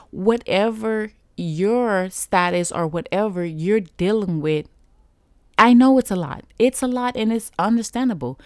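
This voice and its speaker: Talking straight to her audience, a podcast host in her thirties keeps her solo show casual and encouraging. She has a smooth, medium-pitched voice, recorded at studio quality without echo.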